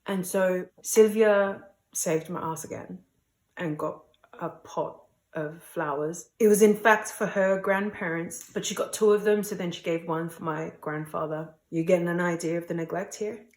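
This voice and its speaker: A woman's voice: on the low side, a little mellow. Chatty woman vlogging, echoey sound. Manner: chatty, jumps between playful and emotional. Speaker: travel vlogger. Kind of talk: casual vlog talk to camera. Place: outdoors at cemeteries.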